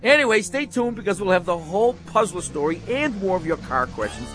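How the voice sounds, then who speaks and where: High, lively, laughing radio host. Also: male voice, brisk, over music. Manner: laughs often, teasing. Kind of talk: joking radio banter.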